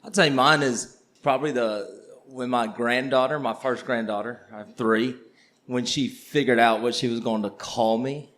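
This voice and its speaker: A man's voice: medium pitch, fairly even intonation, normal speed, fairly bright tone. Older man, good-humored storyteller. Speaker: co-host, history teacher. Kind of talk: casual panel chat.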